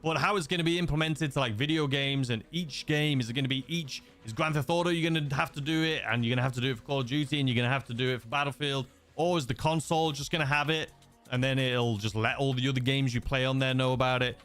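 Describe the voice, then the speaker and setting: Rambling English livestream host, faint music. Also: male voice, medium pitch, quick pace, fairly bright tone. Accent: mixed English, slightly Scouse-leaning. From England. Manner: rambling, hesitant, many fillers and restarts. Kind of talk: casual livestream chat reading viewer messages.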